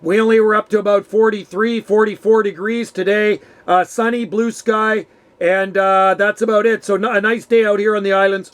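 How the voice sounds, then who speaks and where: A man in his fifties from Canada, a ham radio operator chatting over the air and reading out call signs in a relaxed, friendly way. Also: high-pitched, normal speed. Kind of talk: amateur radio contact.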